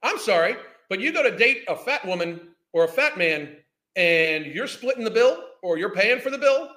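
A man's voice: high voice, animated, normal speed, sharp tone. A man, ranting in a heated, profane, scornful way as a podcast host. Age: 50s. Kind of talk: ranting commentary.

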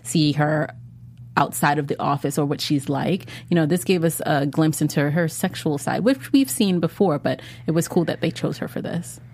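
A woman's voice: low voice, normal speed, darkish tone, breathy edge. A woman co-hosting a podcast, chatting enthusiastically in a casual TV recap. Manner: chatty, enthusiastic, trails off and restarts. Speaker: podcast co-host.

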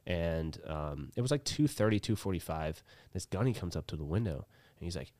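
A man, telling a story as a guest in a casual chat, animated and swearing freely as he acts out the dialogue. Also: sits low, fairly quick, no room sound. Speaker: podcast guest.

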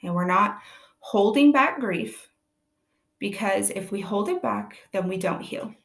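A young woman and parent, gently and earnestly teaching viewers how to help children through grief, often repeating her key phrases. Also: medium pitch, lively intonation, measured pace, gravelly. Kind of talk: informal teaching talk to viewers.

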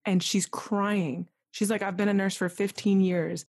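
A woman's voice: medium pitch, fairly even intonation, unhurried, darkish tone. A young woman candidly retelling a personal story as a podcast guest, acting out what others said to her. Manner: candid, vivid retelling with quoted dialogue.

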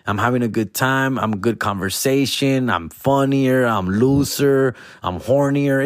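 Young dude rambling casual stories, slangy, dry close mic. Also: male voice, mid-range voice, measured pace, few pauses, no echo. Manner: slangy, animated, swings into loud exaggerated whines. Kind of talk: casual storytelling monologue.

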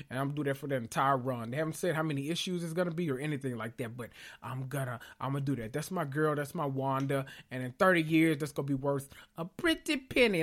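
A man hosting a casual podcast, excitable and swearing freely as he calls out to listeners, a little out of breath and sweating after a big meal. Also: mid-range voice. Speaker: podcast host. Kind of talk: casual pop-culture recap podcast.

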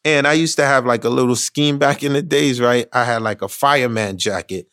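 A man telling a funny story casually, animated and slangy, acting out the other people's voices. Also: mid-range voice, a little fast, no echo, studio quality. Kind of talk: casual anecdote.

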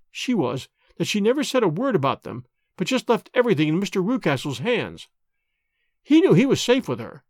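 A man's voice: sits high, dry recording, studio quality. A man voicing a tall, gaunt female servant telling what she knows in a storybook reading. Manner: plain, confiding.

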